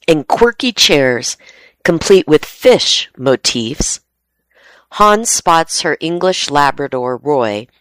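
Slow, low-voiced woman reading aloud. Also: no echo. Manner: steady, unhurried reading voice. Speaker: volunteer radio reading-service broadcaster. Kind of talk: reading magazine articles aloud.

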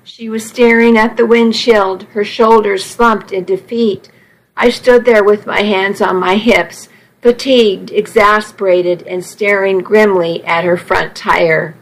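Female audiobook narrator, unhurried first-person storytelling, measured delivery. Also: mid-range voice, steady tone, low-quality recording.

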